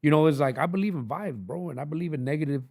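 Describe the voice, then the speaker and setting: Gravelly, emphatic man in casual talk. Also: a little high, quick pace, darkish tone. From Los Angeles. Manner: swearing, slangy, emphatic street talk. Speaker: guest, record label founder. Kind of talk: casual podcast chat.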